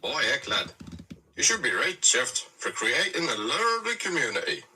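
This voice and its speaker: Man doing a gruff northern old guy, husky, down low, blunt. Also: big pitch swings, normal speed, sharp tone, far from the mic, heavily acted. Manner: gruff, homely, affectionate insults.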